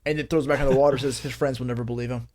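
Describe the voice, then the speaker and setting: A man playing in a tabletop game, chatting in an excitable, jokey way. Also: mid-range voice, slight background noise. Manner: excitable, jokey, quick storytelling. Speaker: player. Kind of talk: casual chat during a tabletop game.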